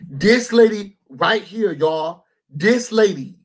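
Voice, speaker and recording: A man hosting a casual recap of a reality show, talking to viewers in a sassy, animated, chatty way and calling them y'all. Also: high voice, takes it slowly, husky. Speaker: YouTube host reviewing a reality show.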